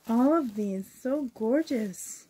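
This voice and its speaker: A woman's voice: on the high side, drawn-out words, mellow, slight background noise. A woman vlogger from Canada unboxing gifts in casual chat to the camera, gushing and exclaiming over each item, sore and a little strained in the voice. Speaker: reborn doll vlogger.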